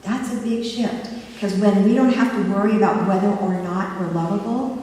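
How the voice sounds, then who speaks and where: A woman's voice: medium pitch, moderate pace, warm tone. An older woman minister giving an earnest sermon, often checking that the congregation is following her. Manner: earnest, asks the congregation for agreement. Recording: echoey hall from far off, faint hiss.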